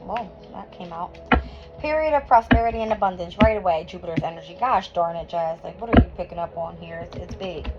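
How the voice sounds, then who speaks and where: A woman's voice: on the low side, fairly quick. Emotional, swearing woman reading tarot. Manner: emotional, swears and laughs often. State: hot and sweating. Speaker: tarot reader. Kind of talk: live tarot reading to viewers. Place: indoor room at home. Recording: dull lo-fi recording with music behind.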